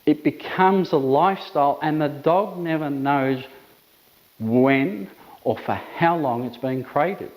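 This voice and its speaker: A man's voice: a little high, a little mellow, rough recording. A man, an emphatic dog trainer explaining methods with repetitive phrasing. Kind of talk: instructional talk to camera.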